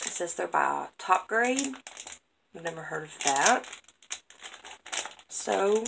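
A woman vlogger unboxes craft mail while chatting casually, gushing and gasping with delight over each item. Her medium-pitched voice has vocal fry, and crinkling packaging and clicks sit over it in a noisy background.

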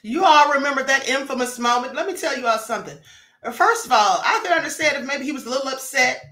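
A woman hosting a chatty livestream, with a high voice and a bright, forceful tone. She greets her viewers by name as she talks, and the sound rings in an echoey room. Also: animated, quick pace. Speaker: livestream host. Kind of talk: casual livestream commentary.

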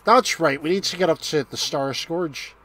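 Speaking at normal speed in a slightly high, sharp-toned voice, this streamer and co-host jokes crudely, curses constantly and bursts into bits of song while casually bantering over a game.

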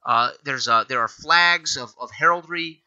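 A man narrating a tabletop game as game master, halting and often restarting his sentences. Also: mid-range voice, pushed and bright, highs cut off. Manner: halting, many fillers and restarts.

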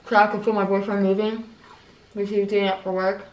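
A woman's voice: medium pitch, level tone, fast talker, roomy sound, recorded from a distance. A young woman talking casually to the camera in a vlog, rambling and swearing as she chats about her day. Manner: rambling, swears casually, fillers and self-talk. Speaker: vlogger.

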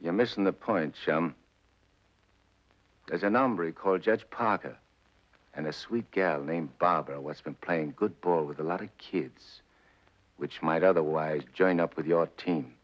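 A middle-aged actor playing a tough gangster back from the dead, talking in slangy, sardonic menace in 1940s film style. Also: male voice, low-pitched, unhurried. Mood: cocky. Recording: muffled 1940s film soundtrack with score.

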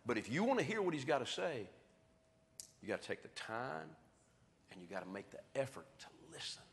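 A man's voice: mid-range voice, big pitch swings, fairly quick, creaky. A middle-aged man preaching a sermon, telling homespun stories and making an earnest appeal. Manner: folksy storytelling, then quiet earnest appeal. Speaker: pastor. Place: church sanctuary. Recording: church hall reverb on a live stream.

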